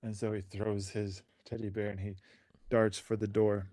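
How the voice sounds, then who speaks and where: A man's voice: lowish voice, flat delivery, normal speed, mellow, dry recording. A man co-hosting a podcast who narrates an improvised story in an easygoing way. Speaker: podcast co-host.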